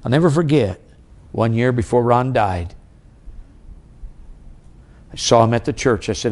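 A middle-aged man preaching a sermon as an evangelist, telling a personal story with wide swings in pitch and loudness. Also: lively intonation, measured pace, pauses often.

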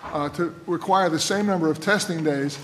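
A man's voice: on the high side, moderate pace, a bit bright. A man serving as a state senator, questioning a witness at a hearing in a folksy, joking, long-winded way. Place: legislative hearing room. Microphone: table microphone, at first switched off. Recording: echoey distant hearing-room audio with noise.

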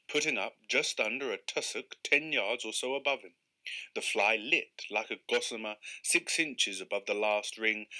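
A man's voice: mid-range voice, sharp tone. A man reading a comic short story aloud live, then chatting casually about it. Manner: casual, chatty asides with fillers. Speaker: reader.

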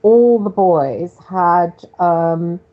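Middle-aged English woman, radio host, lowish voice, rambling and hesitant with many ums, dull lo-fi recording. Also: expressive, extremely slow. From West London. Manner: rambling and hesitant, frequent ums, self-deprecating. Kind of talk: casual monologue. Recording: dull lo-fi internet radio sound.

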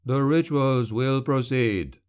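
A man voicing a calm, sinister male shadow creature for an audiobook, hissing and slow. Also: medium pitch, lightly acted. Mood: cold menace.

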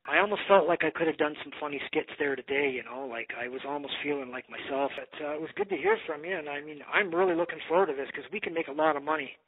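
A man's voice: on the high side, lively intonation, quick pace, hardly any pauses, husky, dry recording. Rambling man on a tinny phone line. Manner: rambling storyteller, swears. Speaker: bow maker. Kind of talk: casual phone conversation.

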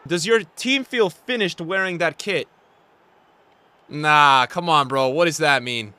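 A young man giving live commentary on a football video game as he plays, swinging from mumbled asides to loud outbursts. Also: a little high, measured pace, clean tone. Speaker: gaming streamer.

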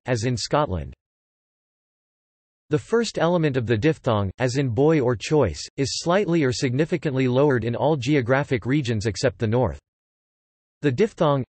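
A man's voice: medium pitch, no echo. Synthetic male voice reading an article. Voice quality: flat, machine-like delivery with odd pronunciations. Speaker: text-to-speech reader.

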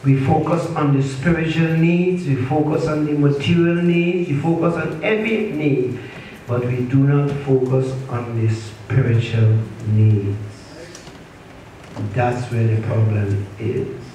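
A man preaches a sermon in an unhurried, measured way, repeating his phrases and drawing answers from the congregation. His voice is mellow and dark. It reaches the mic from a distance in a very echoey church, with faint room noise behind. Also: mid-range voice. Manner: preaching with repetition and call-and-response. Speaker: pastor. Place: church sanctuary. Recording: echoey church hall from far off.

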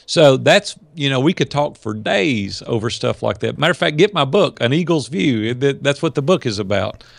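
A middle-aged man, telling stories in a folksy, animated way as an interview guest. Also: mid-range voice, normal speed, vocal fry, no room sound. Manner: folksy, animated storyteller acting out quotes. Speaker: podcast guest, entrepreneur. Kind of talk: storytelling in a casual interview.

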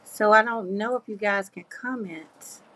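A middle-aged woman hosting a live craft stream talks casually with her audience, reading their comments aloud. She speaks at a measured pace in a medium-pitched voice that is bright, husky, and forceful.

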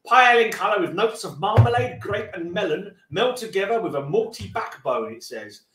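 A man's voice: high voice, expressive, moderate pace, recorded from a distance, background noise. A man with a Cockney accent, hosting a casual beer-tasting podcast, joking, rambling and swearing freely. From East End of London. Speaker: podcast co-host. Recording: roomy echo.

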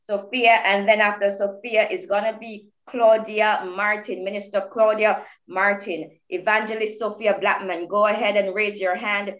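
A woman's voice: medium pitch, flat delivery, moderate pace, few pauses, a bit bright, highs cut off. A Jamaican woman hosting an online prayer meeting, calling on speakers and praising aloud. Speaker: prayer call host.

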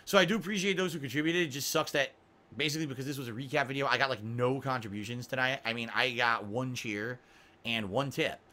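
A man's voice: medium pitch, quick pace, bright, forceful tone, rough recording. A man streaming a game live, commenting as he plays, often frustrated and swearing. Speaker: gaming streamer.

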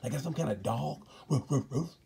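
A man's voice: medium pitch, animated, moderate pace, creaky, warm tone, breathy edge, voice pushed up, exaggerated voice. A man impersonating an indignant young male motorcycle racer who complains sarcastically and repeats himself. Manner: exasperated, sarcastic, repeating "really".

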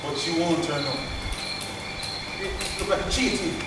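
A wary brother , played by a stage actor, with a fairly high voice that carries through a roomy hall. He is caught from a distance, with crickets chirping loudly behind. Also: measured pace, natural voice. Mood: grave. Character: wary brother bringing bad rumors. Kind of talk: stage play acting. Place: theatre stage. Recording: echoey hall from far off, insect noise.

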